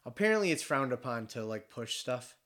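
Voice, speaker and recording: Guy from michigan spinning a hunting yarn, lively, cusses a lot, mid pitch. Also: fairly quick. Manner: animated, swears freely, acts out quotes. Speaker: podcast host telling a hunting story. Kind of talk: casual storytelling chat.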